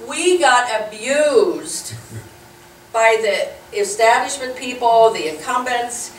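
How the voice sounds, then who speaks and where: A woman's voice: fairly high pitch, slow pace. A woman speaking to a group about organizing, informal and fervent, acting out what others said. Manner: animated, fervent, acts out quotes. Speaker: local political organizer speaking at a meeting. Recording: echoey room, mic far off, faint noise.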